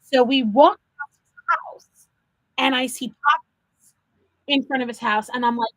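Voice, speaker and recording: A woman hosting a live card-making demo, chatting with viewers and talking them through each step as an animated storyteller. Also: high voice, a little slow, long pauses, no room sound, low-quality recording. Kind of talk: live crafting demo chat.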